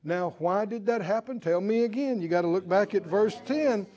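A man preaching a sermon, animated and acting out Bible figures with chuckles. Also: high-pitched, moderate pace.

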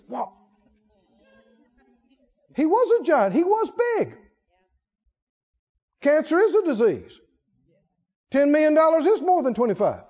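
A preacher man with a high, lively voice delivers a sermon, acting out stories and dropping into hushed asides. He speaks slowly and deliberately, and the recording is a bit dull and lo-fi. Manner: animated, acts out stories, drops to hushed asides.

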